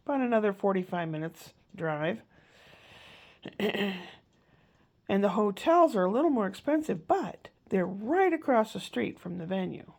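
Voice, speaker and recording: Gravelly woman rambling at home. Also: medium pitch, darkish tone. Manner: chatty, meandering, self-interrupting. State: congested, coughing. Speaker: vlogger. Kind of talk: rambling casual chat.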